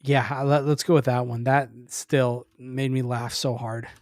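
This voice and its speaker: Podcast guest, man, mid-range voice, relaxed and hesitant, dry recording. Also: medium pitch, unhurried, no room sound. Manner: easygoing, hesitant, laughs easily. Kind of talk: casual movie chat.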